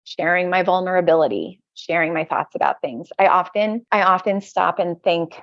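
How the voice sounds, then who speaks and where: Gravelly, hesitant woman, dull dry audio. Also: lowish voice, normal speed, dry recording. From United States. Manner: hesitant, self-searching, frequent restarts. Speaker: podcast guest. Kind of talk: reflective conversational interview.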